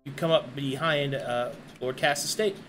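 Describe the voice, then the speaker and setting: A man's voice: mid-range voice, fairly even intonation, moderate pace, over music. A man narrating a tabletop game as game master, with playful, goofy asides.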